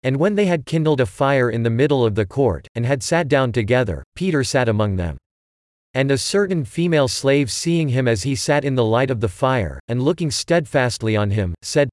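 A man reading scripture aloud in steady, measured, unhurried phrases. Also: medium pitch, no room sound, studio quality. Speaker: scripture reader.

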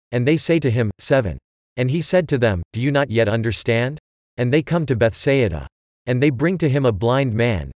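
Man, scripture reading, measured phrase-by-phrase pacing, dry close sound, average pitch. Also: darkish tone, no room sound. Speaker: scripture reader.

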